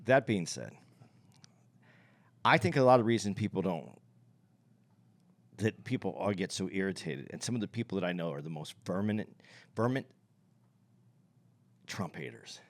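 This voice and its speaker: Low-voiced, opinionated male podcast co-host. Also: animated, moderate pace, pauses often. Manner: opinionated, thinks aloud and circles back to his point. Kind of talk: casual podcast chat.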